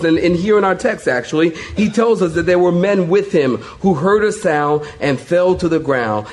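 A man's voice: on the high side, darkish tone. A male pastor preaching a sermon, telling stories with animation, laughter and acted-out voices.

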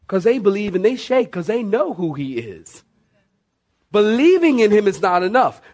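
A middle-aged man, a pastor, preaching a sermon with emphatic repeats of "listen" and sudden shifts between rushing and slowing down. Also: high voice. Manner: emphatic, repeats "listen" and "saints", varies pace sharply.

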